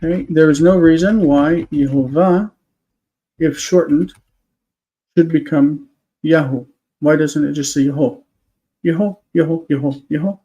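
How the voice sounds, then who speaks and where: A man's voice: a little high, steady tone, a little slow, pauses often, warm tone, dull audio. A man on a live stream, explaining word forms step by step, thinking aloud with many fillers. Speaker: Hebrew teacher.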